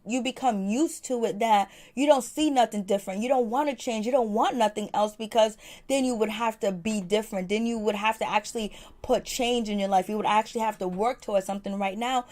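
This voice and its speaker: A woman with a slightly high voice gives a loose, talky review of a reality episode. She fills her sentences with fillers and circles back to drive her points home, in plain casual commentary. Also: fairly quick, hardly any pauses, a little mellow. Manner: chatty, many fillers, repeats phrases for emphasis. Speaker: reviewer of a TV show.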